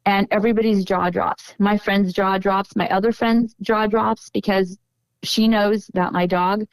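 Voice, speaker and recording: A woman's voice: medium pitch, fairly even intonation, measured pace, clear, resonant tone, no echo, poor audio. A woman as a podcast guest, telling a personal story in an earnest, emotional way during a casual interview.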